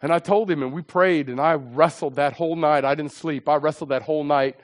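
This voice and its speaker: A man's voice: on the high side, fairly even intonation, brisk. A middle-aged man preaching his personal testimony, emphatic and repetitive as he tells his story.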